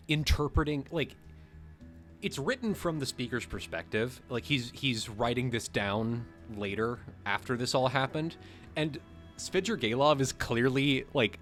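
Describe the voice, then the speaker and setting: An excitable man rambles through a casual livestream chat, breaking into laughter often. His voice sits at an ordinary middle pitch. Faint music plays softly behind him. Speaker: co-host.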